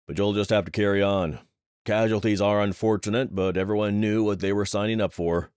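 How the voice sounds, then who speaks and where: A man's voice: on the low side, steady tone, brisk, darkish tone, clear, resonant tone, no echo, studio quality, voice pushed up, close to an everyday voice. A man voicing a brash, callous billionaire in command, blunt and cursing. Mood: brusque.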